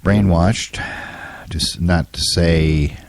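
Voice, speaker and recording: A man in his fifties hosting a solo talk show, his throat scratchy and hoarse, talking in an opinionated, rambling way full of fillers. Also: deep voice, drawn-out words, dry recording. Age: 50s. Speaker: podcast host.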